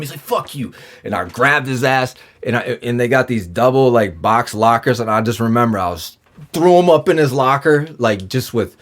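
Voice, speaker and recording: Profane, rambling male storyteller. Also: mid-range voice. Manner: profane, rambling, with filler-heavy restarts; acts out his own and others' lines in quoted dialogue. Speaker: podcast guest, former prisoner. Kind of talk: casual storytelling interview.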